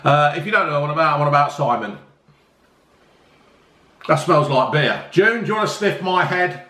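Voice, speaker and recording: A man's voice: fairly high pitch, lively intonation, moderate pace, pushed and bright, a little hiss or hum. A slightly tipsy man hosting a casual drinks review, rambling and joking as he chats. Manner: rambling, jokey, chatty. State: a bit tipsy. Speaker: vlog host reviewing drinks. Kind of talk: casual chat. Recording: roomy echo.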